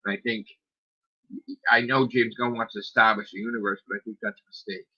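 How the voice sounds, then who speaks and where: A man's voice: medium pitch, steady tone, fairly quick, sharp tone, breathy edge. A man hosting a podcast, ranting in a casual, exasperated way, full of swearing, repeated rhetorical questions and "like". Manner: exasperated, profane, rhetorical questions, lots of 'like'. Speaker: podcast host. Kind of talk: casual rant. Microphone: streaming microphone. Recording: slightly dull lo-fi sound.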